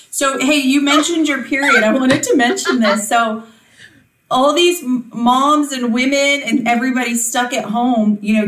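A woman in her forties chatting casually, telling stories with lively energy and freely swearing. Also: fairly high pitch. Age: 40s. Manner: animated storyteller, swears freely. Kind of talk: casual chat. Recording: echoey room, distant from the mic.

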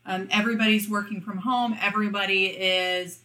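A woman's voice: medium pitch, steady tone, brisk, bright, forceful tone. A woman co-hosting a podcast in casual chat, blunt and teasing, swearing freely. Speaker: podcast co-host.

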